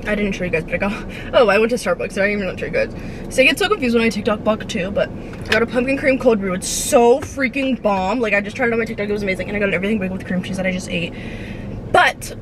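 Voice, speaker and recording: A woman's voice: medium pitch, fast talker, noisy background. A young woman talking casually to her phone camera for a vlog, chatty and bubbly, full of "like" fillers. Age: young adult. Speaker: vlogger.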